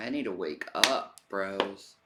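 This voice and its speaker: Breathless, lively woman streamer. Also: rumbling low, takes it slowly, very noisy. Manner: chatty, coos at her cat, sighs often. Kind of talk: casual livestream chat.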